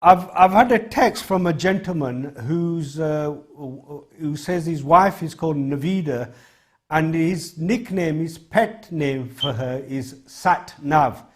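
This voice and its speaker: A man's voice: a little high, takes it slowly. A man from the United Kingdom hosting a TV talk show, reading out viewer texts in a polite, brief way. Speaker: host.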